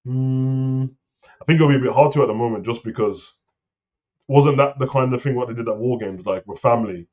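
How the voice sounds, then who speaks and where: A man co-hosting a wrestling talk show, rambling and animated in casual slang. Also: mid-range voice, fairly quick. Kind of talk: casual chat. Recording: slightly dull lo-fi sound.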